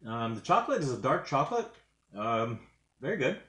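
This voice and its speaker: A man's voice: mid-range voice, very animated, a little fast, a bit bright, reverberant. A man doing a casual food review vlog at home, rambling and hesitant, with lots of fillers, talking while he eats. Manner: talks while eating. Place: home kitchen.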